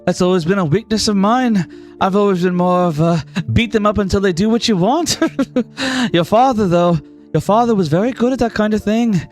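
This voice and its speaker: A man's voice: high-pitched, normal speed, a little mellow, faint music behind, lightly acted. A man voicing a cheerful, tough older aunt in a put-on Scottish accent, exuberant and affectionate, in a tabletop game. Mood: fond.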